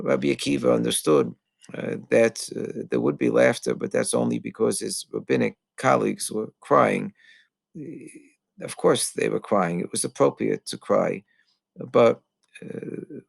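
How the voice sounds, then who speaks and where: A man, a rabbi, giving an earnest teaching sermon, pausing often with fillers and mixing in Hebrew terms. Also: mid-range voice, gravelly, husky, dry recording. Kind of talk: Tisha B'Av sermon.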